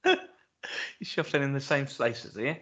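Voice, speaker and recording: A man, co-hosting a podcast, chatting casually with many halting restarts. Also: mid-range voice, a bit bright, breathy edge, muffled recording. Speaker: podcast co-host. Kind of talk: casual chat.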